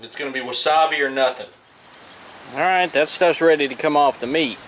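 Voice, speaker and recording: A man's voice: fairly high pitch, brisk, a bit bright. Laid-back man grilling outdoors. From US Gulf Coast. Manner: laid-back, chatty, talks to viewers while cooking. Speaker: home cook vlogger. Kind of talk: casual cooking vlog. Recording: roomy sound from a distance, faint background noise.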